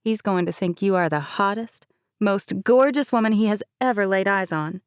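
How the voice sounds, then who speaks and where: A woman's voice: medium pitch, normal speed, clear, resonant tone, no echo, clean studio sound, close to an everyday voice. Woman doing a soothing Southern young agent. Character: upbeat young female FBI agent.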